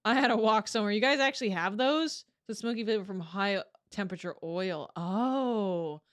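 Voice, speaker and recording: A young woman streamer chatting casually while reacting to a video, curious and quick to laugh. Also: mid-range voice.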